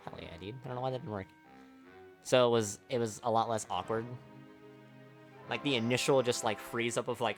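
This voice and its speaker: A man's voice: medium pitch, fairly even intonation, a little fast, long pauses, faint music behind. A young man streaming a speedrun, chatting casually, rambling with lots of "like", swearing and laughing often.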